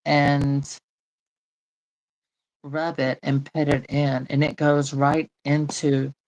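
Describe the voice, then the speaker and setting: A woman's voice: sits low, flat delivery, slow, a little mellow, low-quality recording. A woman hosting a doll channel, chatting casually while she demonstrates.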